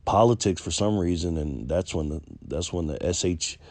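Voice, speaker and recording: A man with a very low voice recounts an anecdote to his viewers in a chatty, meandering way, stopping and restarting his sentences. The recording is dry and close, with no room sound. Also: expressive, moderate pace, darkish tone, no room sound. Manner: chatty and loose, lots of ums and restarts. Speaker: political vlogger. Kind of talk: casual storytelling to camera.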